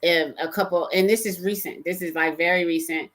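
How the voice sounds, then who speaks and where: A woman's voice: lowish voice, fairly even intonation, a little fast, fairly bright tone. A woman co-hosting a casual faith-based chat, telling a personal story and acting out the dialogue with jumps in her voice. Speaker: co-host.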